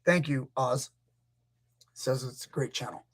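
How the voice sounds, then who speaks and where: Man, grappling coach, casual live chat, rambling storyteller, husky. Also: medium pitch, unhurried. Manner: rambling, storytelling, acts out quotes. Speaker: grappling coach, channel host.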